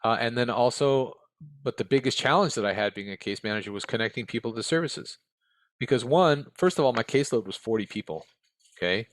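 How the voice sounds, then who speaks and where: A man's voice: medium pitch, fairly quick, a bit bright, no room sound. An American man, a former case manager, answering interview questions bluntly and candidly, often tagging on "right?" and "okay?". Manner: blunt and direct, with frequent tag questions. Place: interview room.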